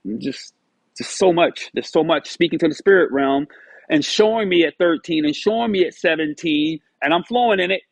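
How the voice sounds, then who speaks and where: A man giving a casual motivational monologue, animated and storytelling, acting out his own past dialogue. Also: on the high side, moderate pace, creaky, dry recording, rough recording. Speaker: motivational vlogger.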